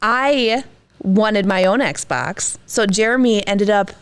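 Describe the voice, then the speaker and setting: A woman's voice: medium pitch, takes it slowly, fairly bright tone, clear, resonant tone. A woman in her thirties co-hosting a podcast in casual chat, chatty and laughing often, trailing off mid-sentence. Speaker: podcast co-host.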